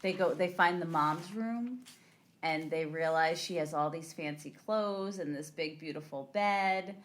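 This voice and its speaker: A woman's voice: deep voice, unhurried. A woman co-hosting a podcast, chatting casually as she recounts film scenes and laughs along with her co-host. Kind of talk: casual movie-recap chat.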